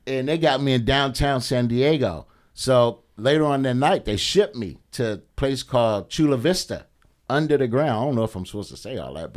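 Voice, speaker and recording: A middle-aged man, a podcast guest, telling a story in a casual, animated and profane way, often acting out the voices of people he quotes. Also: medium pitch.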